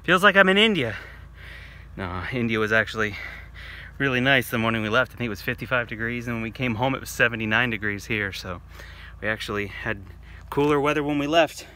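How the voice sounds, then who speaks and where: A man's voice: medium pitch, fairly quick, sharp tone. A man hosting a family vlog at home, a father talking casually to the camera with joking, self-mocking asides.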